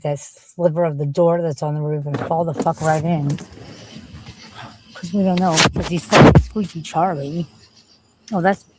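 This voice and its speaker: A woman's voice: sits low, darkish tone, no echo. A woman chatting casually from inside her car, rambling bluntly and swearing freely. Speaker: vlogger. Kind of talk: casual chat.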